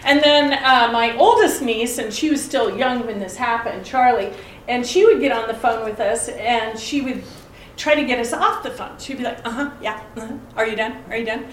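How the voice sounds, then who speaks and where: A woman's voice: a little high, moderate pace, a little hiss or hum. A middle-aged woman leads a conversational Bible lesson, asking her listeners pointed rhetorical questions and telling family anecdotes. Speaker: Bible study teacher. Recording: echoey room, mic at a distance.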